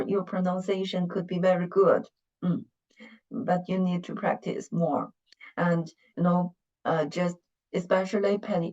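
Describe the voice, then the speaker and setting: Woman, language teacher on a video call; slow, patient, encouraging; muffled lo-fi audio. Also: medium pitch. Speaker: Mandarin teacher. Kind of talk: online language lesson.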